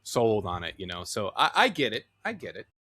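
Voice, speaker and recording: A man hosting an interview, agreeing warmly with his guest and asking him open questions. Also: on the low side, huge pitch swings, a little fast, slightly rough. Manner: affirming, asks questions with restarts. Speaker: podcast host, interviewer. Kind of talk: casual interview conversation.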